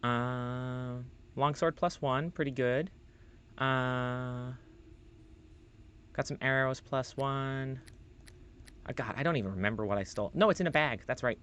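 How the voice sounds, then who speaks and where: A man's voice: mid-range voice, unhurried, pauses often, a bit bright, clear, resonant tone. A man streaming a role-playing game, rambling loosely through his commentary, swearing casually and reading the on-screen text aloud.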